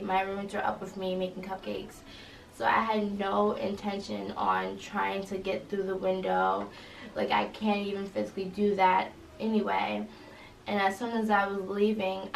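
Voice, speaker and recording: A young woman, a college student, recounting an incident in an interview, halting and full of fillers. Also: medium pitch, vocal fry. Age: young adult. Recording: roomy echo, distant mic, faint noise.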